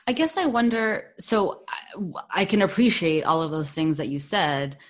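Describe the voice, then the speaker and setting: A woman's voice: on the low side, unhurried. A woman co-hosting a casual podcast, asking questions in a hesitant, thoughtful way. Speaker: podcast co-host.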